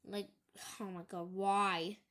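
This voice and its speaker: Bright, slow-talking young woman vlogging. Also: medium pitch, little pitch movement. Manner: reads out online comments and scoffs at them; halting, rambling, with many restarts. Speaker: YouTuber. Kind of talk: casual video commentary.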